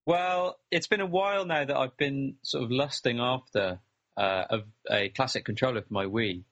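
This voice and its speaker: A man's voice: mid-range voice, moderate pace, a bit bright, highs cut off. A man with a Birmingham accent co-hosting a podcast, teasing his co-host with dry humor in casual chat. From England. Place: London.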